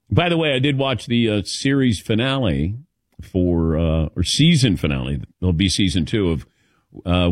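Midwest guy hosting sports radio, bouncy animated voice, dry close mic. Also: mid-range voice, no echo. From American Midwest. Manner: lively storytelling with laughs. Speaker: radio show host. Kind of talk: casual sports radio banter.

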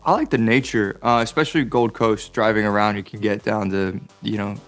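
A man's voice: on the low side, steady tone, fairly quick, a bit bright, faint music behind. Laid-back American man, jokey. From United States. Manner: laid-back, jokey, says dude a lot. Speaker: actor promoting films. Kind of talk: casual press interview.

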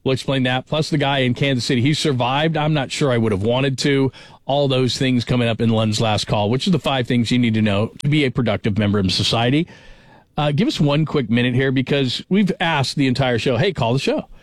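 A man hosting a sports radio show, excitable and full of big praise. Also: medium pitch, fairly quick, dry recording.

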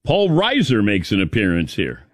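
A man's voice: on the low side, huge pitch swings, normal speed, dry recording. A man hosting a sports talk show, chatting loosely and laughing at his own stories. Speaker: sports talk radio host.

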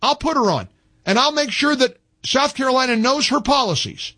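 A man's voice: very high voice, expressive, normal speed, sharp tone. A man hosting a talk radio show, ranting emphatically and reading an ad himself. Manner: fired-up, emphatic, repetitive. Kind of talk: talk radio rant and host-read ad.

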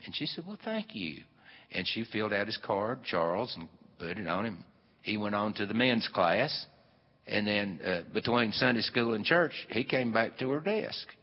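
A man's voice: fairly low pitch, lively intonation, normal speed. A man telling a folksy family story to a live audience, rambling along with plenty of fillers. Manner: folksy and meandering, with many fillers. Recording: dull, hall-echoed live recording.

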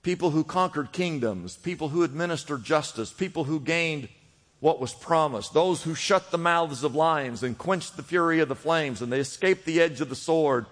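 High-voiced preacher in a reverberant hall. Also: male voice, normal speed, a bit bright. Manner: preaching with call-and-response, rising and dropping emphasis. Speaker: pastor. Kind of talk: sermon. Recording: long reverb of a large hall.

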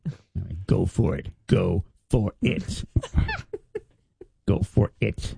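A man's voice: low-pitched, animated, takes it slowly, gravelly, pauses often, mellow, slightly rough, dry recording. A man hosting a morning radio show, bantering playfully and laughing as he reads chatbot replies aloud.

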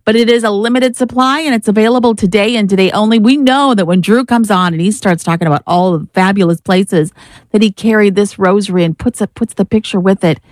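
A woman's voice: mid-range voice, brisk, darkish tone, no room sound, clean studio sound. A woman co-hosting a radio pledge drive, urging listeners to give and repeating the phone number. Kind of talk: pledge drive fundraising appeal.

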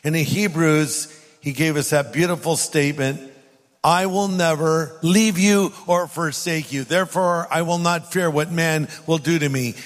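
A man, a pastor, preaching a sermon and reading scripture aloud with emphatic pauses. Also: fairly high pitch. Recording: long hall reverb.

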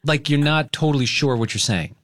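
A man's voice: on the high side, fairly quick, no echo, studio quality. A man hosting a radio morning show, chatting casually and laughing with his co-hosts. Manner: animated, laughs often, coaching tone.

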